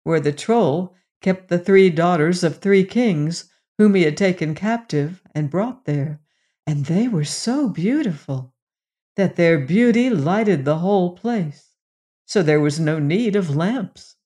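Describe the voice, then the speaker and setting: A storyteller reads a fairy tale at an unhurried, measured pace. The voice sits at a middling pitch and stays gently expressive. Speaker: narrator.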